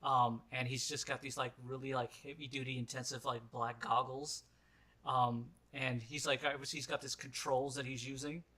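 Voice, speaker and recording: Bright, rambling game master man. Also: medium pitch, level tone, normal speed. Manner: rambling, full of "like" and "kinda". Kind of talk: narrating a tabletop game.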